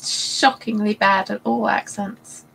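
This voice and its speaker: A woman's voice: mid-range voice, level tone, slow pace, vocal fry, a bit bright, slight background noise, poor audio. A woman from England co-hosting a live stream, giving short, dry, self-deprecating replies. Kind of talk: casual live-stream chat.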